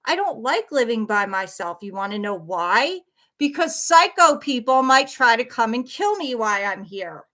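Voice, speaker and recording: A woman's voice: fairly high pitch, big pitch swings, normal speed, sharp tone. A worn-out woman ranting defensively on a livestream, blunt and swearing, repeating herself as she answers viewers. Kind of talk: heated livestream rant.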